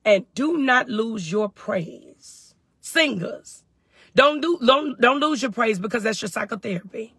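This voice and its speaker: A woman's voice: fairly high pitch, expressive, a little slow, a bit bright, slightly rough, no echo, studio quality. A woman fervently on a phone live stream from her parked truck, answering viewers' comments in call-and-response. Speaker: faith and wellness livestream host.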